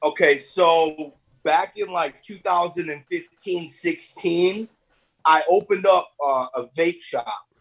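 A man talks through a casual podcast interview as a guest, his voice somewhat husky and sitting a little high. He is relaxed and streetwise, often stammering and repeating words as he goes. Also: takes it slowly, poor audio. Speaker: podcast guest, business owner.

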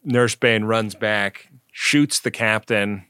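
A man's voice: lowish voice, takes it slowly, bright, forceful tone, clear, resonant tone, dry recording, clean studio sound. A man co-hosting a podcast, casually retelling a TV episode in a loose, rambling way with lots of fillers. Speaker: podcast co-host. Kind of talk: casual episode recap chat.

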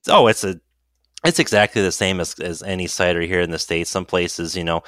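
A man with a very deep voice talks as a guest on a chat show. His voice sounds dry and close, with no room around it. He speaks in a relaxed, chatty way and often repeats words. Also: a little fast, no room sound. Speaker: cider reviewer, guest. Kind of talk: casual interview talk.

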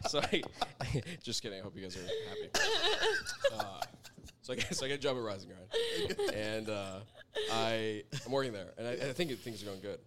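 A young man tells a loose, rambling story with a voice that leaps up and down. He laughs through many of his sentences and swears casually, in the easy way of a relaxed interview guest. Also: medium pitch, moderate pace, pauses often, background noise. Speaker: guest chef.

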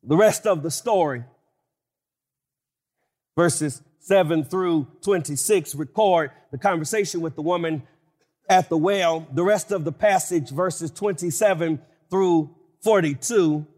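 A man preaching a sermon with emphatic delivery that builds to shouted declarations. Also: a little high, slow, pauses often. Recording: long hall reverb.

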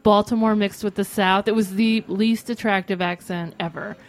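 A woman's voice: medium pitch, fairly even intonation, moderate pace. Sardonic woman co-host telling stories. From Pennsylvania. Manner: sardonic storytelling, laughs while talking. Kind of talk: casual banter.

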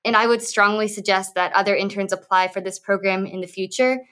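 A woman's voice: mid-range voice, fairly even intonation, brisk, a bit bright, clear, resonant tone. Earnest young woman intern. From Washington, D.C. area. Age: young adult. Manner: earnest, sincere. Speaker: student intern.

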